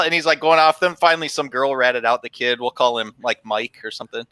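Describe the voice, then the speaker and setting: A man's voice: mid-range voice, fast talker, hardly any pauses, pushed and bright, clean tone, dry recording. A man casually telling a funny school story on a live stream, laughing as he goes and mimicking the teacher. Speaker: comic shop podcast co-host.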